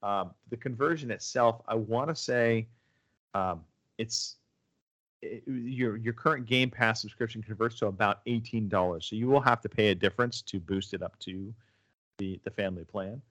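A man's voice: fairly low pitch, moderate pace, fairly bright tone, dry recording. A man hosting a casual gaming podcast, rambling with lots of fillers and restarts. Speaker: podcast host. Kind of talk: casual chat about video games.

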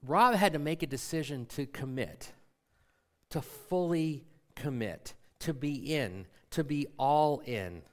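A man in his forties, a pastor, preaching a sermon by telling a self-mocking personal story and acting out the dialogue. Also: a little high.

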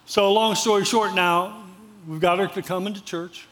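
A pastor with a high voice delivers a sermon. He talks in a conversational, storytelling way and drives home points by repeating phrases. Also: steady tone, normal speed, fairly bright tone.

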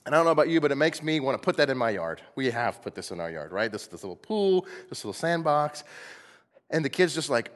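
A man preaching a sermon as pastor, playful and animated, acting out little voices as he goes. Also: fairly high pitch, quick pace. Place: church sanctuary. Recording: long hall reverb.

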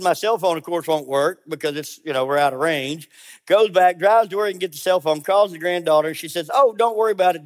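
Animated storytelling male pastor. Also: fairly high pitch. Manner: animated storyteller, acts out quotes, laughs. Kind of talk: sermon storytelling.

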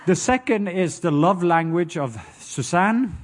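A middle-aged man with a Norwegian accent preaching a sermon, telling stories with lively call-and-response and acting out sounds with loud hoots and croaks. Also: sits high, unhurried, a little hiss or hum. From Norway. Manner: animated storytelling with call-and-response.

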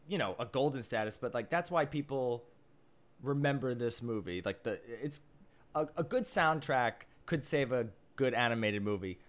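A young man co-hosting a podcast, rambling excitedly through a casual movie chat. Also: medium pitch. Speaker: podcast co-host.

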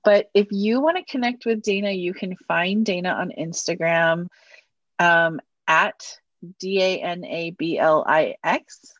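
A woman hosting a podcast in casual conversation, warmly affirming her guest with frequent agreement. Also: on the low side, a little slow, no room sound, muffled recording. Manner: warm, affirming, frequent "yeah". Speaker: podcast host.

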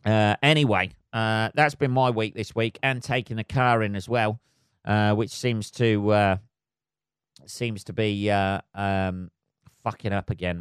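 A man's voice: on the low side, clear, resonant tone, no room sound, clean studio sound. A man hosting a solo comedy podcast, rambling loosely and swearing constantly as he chats.

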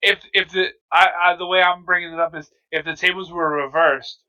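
Bright, joking man egging others on. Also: high-pitched, flat delivery, fairly quick, poor audio. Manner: joking, provocative. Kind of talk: casual chat.

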